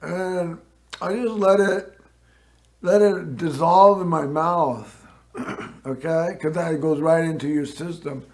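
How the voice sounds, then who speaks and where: A man hosting a local TV show, telling a personal story in a rambling way and often clearing his throat. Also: on the high side, steady tone, takes it slowly. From Northern California. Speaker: host.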